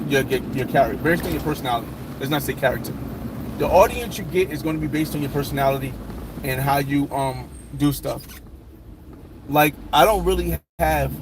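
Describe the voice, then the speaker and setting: A man's voice: a little high, background noise. A man hosting a casual live chat, rambling with many restarts and fillers.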